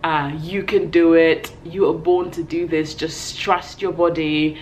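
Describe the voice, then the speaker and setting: A woman's voice: sits low, fairly even intonation, unhurried, darkish tone, slight background noise, rough recording. A young woman with a London accent, a vlogger telling an emotional personal story in a heartfelt, tearful way. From England. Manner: tearful, heartfelt, acts out voices in her story.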